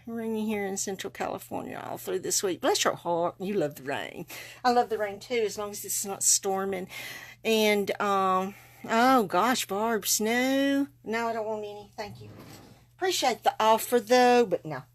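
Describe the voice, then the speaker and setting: A woman's voice: medium pitch, normal speed. A woman chatting folksily to viewers as she demonstrates card making live from her craft table. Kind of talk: live-stream craft demo.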